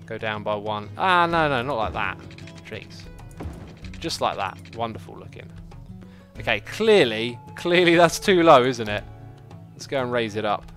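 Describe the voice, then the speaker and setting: A man giving casual, chatty livestream commentary while building a city in a game, reacting out loud to it and answering chat. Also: mid-range voice, lively intonation. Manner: chatty, talks to the game and to chat, quick exclamations. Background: faint background music.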